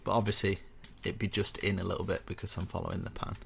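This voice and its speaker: Gravelly low-voiced young man explaining a build. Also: level tone, fast, slight background noise. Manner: chatty and rambling, self-mocking asides. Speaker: building tutorial host. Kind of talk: casual step-by-step game tutorial.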